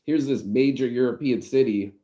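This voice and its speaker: A man from the United States telling a story in a casual vlog, animated and slangy, acting out what people said. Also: mid-range voice, moderate pace. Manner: animated slangy storytelling, acts out quoted voices. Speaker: vlogger.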